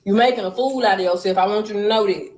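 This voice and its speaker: A woman's voice: medium pitch, fast talker, darkish tone, echoey room, slight background noise, poor audio. A woman talking bluntly on a casual livestream, heated and cursing. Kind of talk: casual livestream and phone talk.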